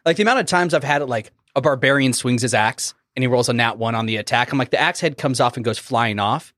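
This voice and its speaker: A man guesting on a casual chat as a dungeon master, relaxed and jokey, with lots of "like" fillers. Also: medium pitch, fast, no room sound, clean studio sound.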